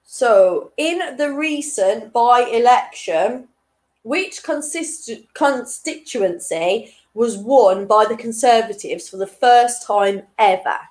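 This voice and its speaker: A young woman runs a weekly online quiz, reading each question twice and laughing off her slips. Her voice is fairly high and swoops up and down with lively energy. She speaks slowly and takes her time. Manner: chatty and giggly, reading questions twice, tripping over words. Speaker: quiz host. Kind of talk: casual online quiz hosting.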